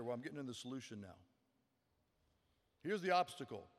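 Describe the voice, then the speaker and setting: A man's voice: mid-range voice, lively intonation, fairly quick, long pauses, long reverb tail. A man preaching a sermon as pastor, earnest and emphatic, often repeating words for stress.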